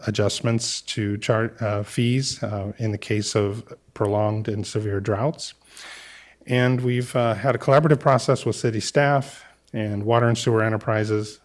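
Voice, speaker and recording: Low-voiced man presenting to a council. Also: darkish tone. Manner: measured, many "uh" fillers. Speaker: city staff presenter. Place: council chamber.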